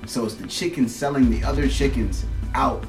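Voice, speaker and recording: A man performing improv comedy as a guest actor, telling the scene in a rambling, halting way. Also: medium pitch, gravelly, echoey room, distant mic, music in the background.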